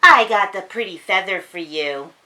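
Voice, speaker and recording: A woman voicing a small, excitable boy duckling in a storybook reading, squealing and bouncy. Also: mid-range voice, moderate pace. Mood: excited.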